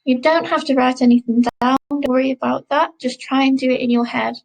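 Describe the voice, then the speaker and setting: A woman teaching a recorded French lesson, modelling words slowly and repeating them for learners to copy. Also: sits high, fairly even intonation, vocal fry, a little mellow, poor audio. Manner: slow, careful pronunciation drills, repeating words.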